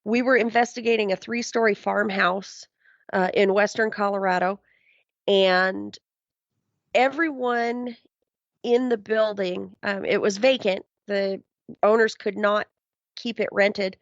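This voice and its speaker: A woman's voice: mid-range voice, steady tone, measured pace, no echo. A woman guest telling a paranormal story in casual chat, rambling and full of "um" and "you know". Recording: dull, dry lo-fi sound.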